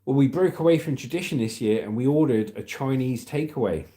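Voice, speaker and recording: A man's voice: mid-range voice, a little fast, warm tone. A British man hosting a casual livestream, chatting and reading out viewer comments in an upbeat way. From Britain. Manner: chatty and upbeat, calls viewers mate and legend. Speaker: livestream host.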